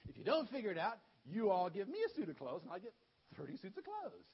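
Guy putting on a cocky young strongman, husky and lively, teasing and boastful. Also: sits high, fast talker, highs cut off, voice pushed up, exaggerated voice. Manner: boastful, playful.

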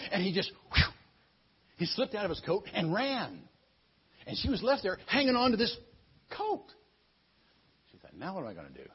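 A man's voice: high voice, husky. A man telling a Bible story to children in a playful, chatty storytelling manner, in a muffled lo-fi recording. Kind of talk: animated storytelling sermon.

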